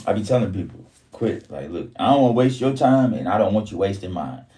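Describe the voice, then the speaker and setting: A man telling a story in casual, profane street talk, his voice jumping up high whenever he quotes himself. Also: big pitch swings, fairly quick, warm tone, far from the mic.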